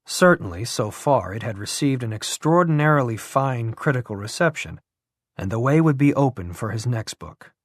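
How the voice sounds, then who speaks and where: A man giving a measured, even scripted narration of an audiobook. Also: mid-range voice, dry recording, studio quality.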